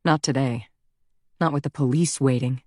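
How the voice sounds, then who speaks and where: Brief: female audiobook narrator, low voice, dry close studio sound, measured reading. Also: darkish tone, no room sound.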